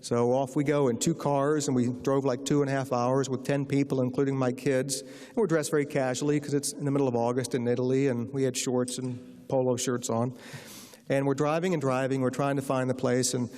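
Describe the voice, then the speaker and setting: A man's voice: mid-range voice, little pitch movement, a little fast, darkish tone. An American man giving a lecture as a guest author, telling humorous anecdotes in a wry, self-deprecating way. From United States. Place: lecture hall. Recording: reverberant lecture hall.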